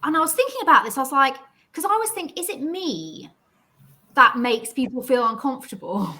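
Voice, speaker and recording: A woman's voice: high voice, a little fast. A woman from England chatting casually as a guest, telling stories and acting out what other people said. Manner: chatty, animated storyteller who acts out other people's lines. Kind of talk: casual chat about mental health.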